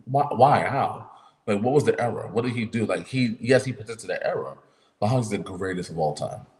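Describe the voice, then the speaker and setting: A man co-hosting a wrestling podcast, explaining his view in a halting way and firing off questions. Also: lowish voice, expressive, darkish tone, low-quality recording. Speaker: podcast co-host. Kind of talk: casual wrestling review chat.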